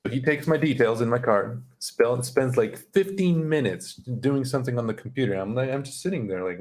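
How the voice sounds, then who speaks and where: A man's voice: mid-range voice, lively intonation, brisk, hardly any pauses, a little mellow. A young man on a stream telling a story in a loose, casual way, swearing and sounding exasperated.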